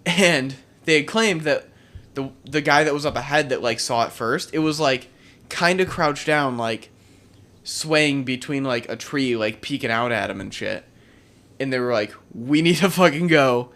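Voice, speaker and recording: A man on a podcast tells a story casually, with lots of swearing and a steady, mid-range voice. He sounds relaxed and loose, like he is talking with friends. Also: medium pitch, moderate pace. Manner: laid-back storytelling, heavy swearing and filler words. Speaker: podcast host. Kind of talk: casual chat.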